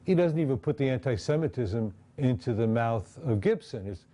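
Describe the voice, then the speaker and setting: A man's voice: medium pitch, animated, moderate pace, hardly any pauses, mellow. A man giving a lecture and talking through slides in a conversational way, often checking in with the audience.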